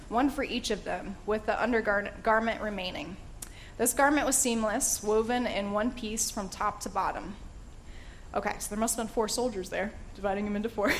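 Woman walking folks through bible passages, kinda high voice, chatty and excited, lots of um and laughs. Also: a little hiss or hum. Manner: chatty and enthusiastic, with frequent fillers and laughs. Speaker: Bible teacher. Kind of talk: casual Bible study teaching.

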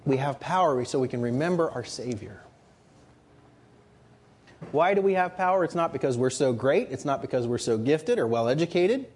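Husky, lively male preacher. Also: medium pitch, normal speed. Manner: earnest, rising to emphatic rhetorical questions. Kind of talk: sermon.

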